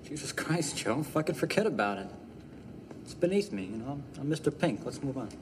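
An actor playing a petty crook who complains and argues, in a film clip. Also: male voice, mid-range voice, animated, brisk, noisy background, lightly acted. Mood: whiny. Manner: whiny, argumentative. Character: petty complaining crook arguing over names. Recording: film clip with reverb and ambience.

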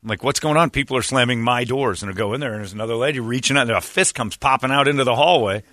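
A man's voice: medium pitch, racing, sharp tone, no echo. A man telling crude workplace stories in a joking, boisterous way, acting out the voices of the people in them. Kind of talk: crude comic storytelling.

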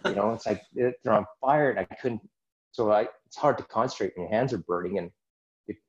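A man's voice: on the low side, fairly quick, lo-fi sound. A man as a podcast guest, earnestly recounting a personal experience in a rambling, casual way with many asides. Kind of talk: personal storytelling in a casual interview.

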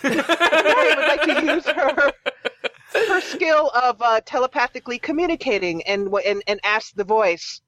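A woman's voice: sits high, lively intonation, measured pace, fairly bright tone, no room sound. A giggly, hesitant woman playing in a tabletop game. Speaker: player. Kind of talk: casual tabletop play.

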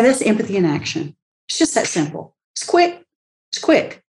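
A woman's voice: lowish voice, darkish tone. A woman speaking as a leadership expert in an interview, talking animatedly, acting out quoted voices and laughing often. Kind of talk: conversational interview talk.

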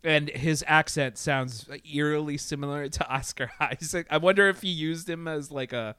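Smooth-voiced man, hesitant chat. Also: a little high, normal speed, bright, forceful tone, no room sound. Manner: hesitant, many restarts and fillers. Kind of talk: casual review chat.

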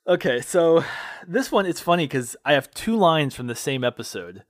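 Higher-voiced man, laughing casual chat. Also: normal speed, dry recording, clean studio sound. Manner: giggly, animated storytelling with frequent laughter.

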